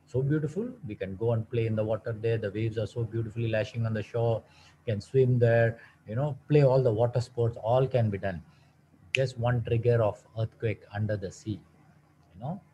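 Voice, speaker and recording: A man's voice: medium pitch, warm tone, slight background noise, rough recording. A man giving a wellness talk as a naturopathic doctor, mixing teaching with a personal story and asking his listeners many rhetorical questions. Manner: asks rhetorical questions, repeats words for stress.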